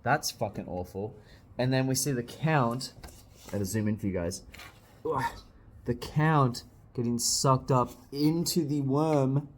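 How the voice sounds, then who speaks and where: A young man reading a manga aloud and reacting, excitable, swearing often and bursting into loud exclamations. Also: medium pitch, a little slow. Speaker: manga reviewer.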